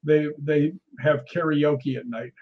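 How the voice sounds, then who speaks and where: A man, a guest ghost hunter, telling animated stories in a casual conversation. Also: a little high, takes it slowly, phone-quality sound. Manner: animated anecdotal storyteller.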